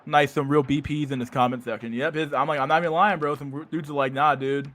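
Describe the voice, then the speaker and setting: A man's voice: a little high, steady tone, quick pace, a bit bright, soft background music. A young man hosting a casual livestream, with profane, slang-heavy talk full of "dude" and "bro" and frequent restarts. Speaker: livestream host.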